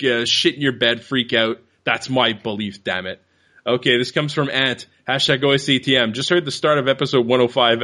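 Brash male podcast host, bright voice, reads listener posts with laughter. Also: medium pitch. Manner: profane, laughs often, reads tweets aloud. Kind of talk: casual podcast chat over a call.

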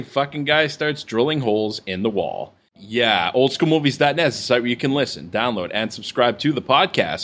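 A man hosts a casual movie podcast from a home mic. His voice jumps around in pitch as he talks, loose and profane, and he laughs easily. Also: a bit bright. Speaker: podcast host.

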